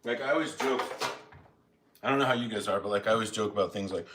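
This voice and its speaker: A man's voice: on the low side, quick pace, fairly bright tone, a little hiss or hum. A man hosting a live stream from home, chatting casually and rambling while he eats, with jokes at his own expense. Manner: rambling, self-mocking, chatty. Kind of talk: casual chat while eating. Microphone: phone.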